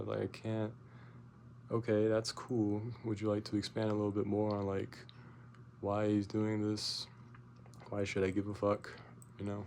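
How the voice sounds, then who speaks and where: Young man rambling, profane and gravelly. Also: fairly low pitch, unhurried, pauses often, a little hiss or hum. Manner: rambling, profane, many fillers and restarts; gets loud and animated when retelling his outburst. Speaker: vlogger. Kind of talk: casual storytelling rant.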